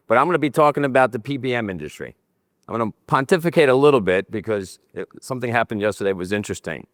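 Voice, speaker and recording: An older man from New Jersey giving a conference presentation, animated and joking as he talks with his hands. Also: mid-range voice, clean tone, no echo, studio quality. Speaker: conference speaker. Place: conference session room.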